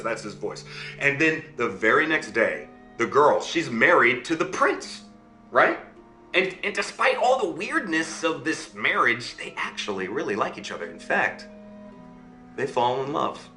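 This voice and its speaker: A man telling a fairy tale to listeners in an animated way, often checking in with them as he goes. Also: medium pitch, normal speed, roomy sound, soft background music. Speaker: storyteller.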